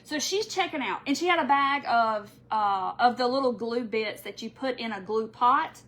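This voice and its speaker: A woman's voice: on the high side, normal speed. A middle-aged woman, rambling through a story to viewers while working on a live craft tutorial. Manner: rambling, animated, addresses viewers as y'all.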